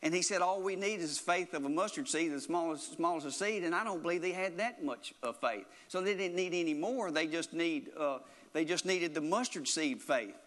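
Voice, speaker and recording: A man's voice: fairly high pitch, expressive, moderate pace, a bit bright, in a large hall. A man preaching a sermon in an earnest, repetitive way, often restarting his phrases.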